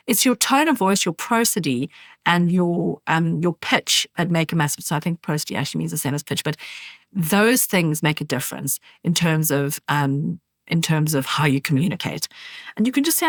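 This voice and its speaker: A middle-aged woman hosts her own podcast, talking on her own in a gentle coaching way. Her voice sits low for a woman and grows softer when she models soothing words. The sound is dry and close to the mic, with no room around it. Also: lively intonation, normal speed, no room sound. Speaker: podcast host. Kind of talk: solo podcast advice talk.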